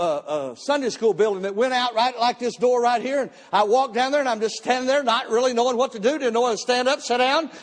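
A man preaching a testimony sermon at a live church service, telling his story with animated bursts of shouting. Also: very high-pitched. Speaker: pastor. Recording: long reverb of a church hall.

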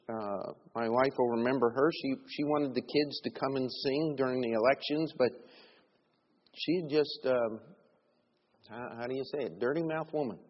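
A middle-aged man preaching a sermon, telling stories and moving between quiet asides and raised emphasis. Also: medium pitch. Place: church sanctuary. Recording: dull recording in a reverberant church.

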